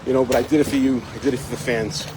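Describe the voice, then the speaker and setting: A man's voice: medium pitch, little pitch movement, racing. Man, casual vlog host, rambling, slightly breathless, outdoors on a bike, heavy wind noise. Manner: rambling, chatty, fills with "you know". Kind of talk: live-streamed casual chat while biking.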